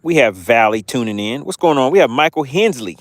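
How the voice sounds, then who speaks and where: A man's voice: medium pitch, animated, brisk, dry recording. Southern-accented Georgia man, laid-back fishing livestream host, chatty commentary, dry mic. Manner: chatty, reads viewer comments aloud with amused asides. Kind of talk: casual livestream chat reading comments. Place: on a boat on a lake outdoors.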